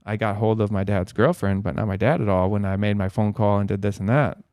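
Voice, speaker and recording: A man's voice: fairly low pitch, fairly even intonation, fast, a little mellow, dry recording, clean studio sound. A man as a podcast guest, telling a long story in a rambling way, swearing a lot. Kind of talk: casual storytelling.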